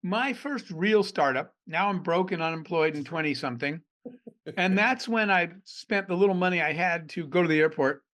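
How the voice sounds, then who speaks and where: A middle-aged man from Arizona, an entrepreneur guest on a podcast, telling animated stories and acting out the dialogue. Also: sits high, normal speed. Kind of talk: storytelling in a podcast interview.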